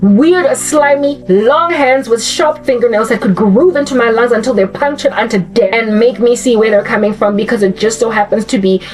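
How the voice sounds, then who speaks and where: A woman's voice: a little high, moderate pace, few pauses, darkish tone. Fervent woman preaching. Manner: fervent, emphatic, repeats phrases. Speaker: Christian vlogger. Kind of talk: impassioned religious commentary. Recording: distant mic with faint music.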